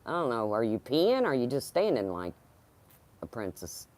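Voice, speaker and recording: Woman hosting a casual livestream, low pitch with lively swings, rambling. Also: normal speed. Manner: rambling, talks to her dog. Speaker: livestream host.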